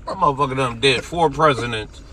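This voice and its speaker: A man co-hosting a live stream, roasting his nephew in loud, profane banter with bursts of laughter. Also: medium pitch, fairly quick. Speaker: co-host, the uncle. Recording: noisy live-stream audio.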